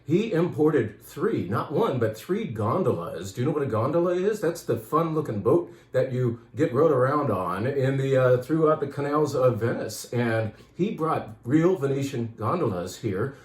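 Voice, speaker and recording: A man's voice: medium pitch, animated, normal speed, hardly any pauses, echoey room. A man who runs a wine shop, chatting casually and enthusiastically about upcoming events and club wines, a little out of breath. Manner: chatty, enthusiastic, rambling with restarts. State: out of breath, dry throat. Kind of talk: casual promotional talk.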